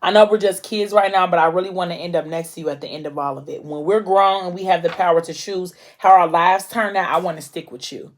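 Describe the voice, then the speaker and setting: A woman's voice: on the low side, steady tone, fast talker, few pauses, lightly acted. A woman voicing an earnest, devout teenage girl who speaks in a pleading, heartfelt way.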